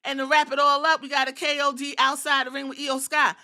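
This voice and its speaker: A woman hosting a podcast, recapping a wrestling show in animated, profane, storytelling chat. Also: high-pitched, fast. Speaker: podcast host.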